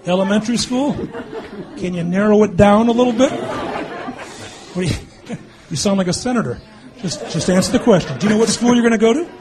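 A man in his fifties or sixties, a mayor teasing children at a public meeting with quick jokes and frequent laughs. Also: high voice, animated. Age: born 1964, 50s or 60s. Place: meeting hall with an audience. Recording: crowd noise behind. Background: crowd.

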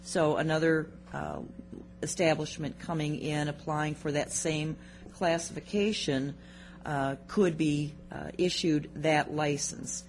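A city staff member explaining a policy change to a committee, measured and full of ums and uhs. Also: medium pitch, fairly even intonation, slight background noise.

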